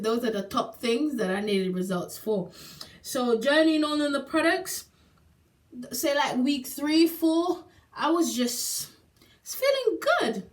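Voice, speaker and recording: A woman with a fairly high voice recounts her own experience in a casual testimonial vlog. She talks emphatically, leaning on repeated words and laughing now and then. She sits a little back from the microphone, so the sound is slightly distant. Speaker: single mother sharing a product testimonial.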